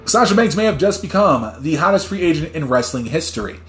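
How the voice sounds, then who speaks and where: Animated, swearing podcast host, echoey. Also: male voice, a little high, fairly quick, faint music behind. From New Jersey. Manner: animated, swears freely, gets loud when worked up; reads news articles aloud with stumbles. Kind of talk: casual news commentary podcast.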